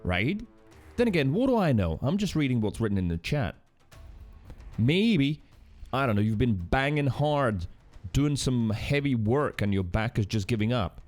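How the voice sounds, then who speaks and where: A man's voice: medium pitch, sing-song, normal speed, a little mellow, faint music behind. A man streaming from home, chatting casually with viewers and reading chat aloud with teasing banter.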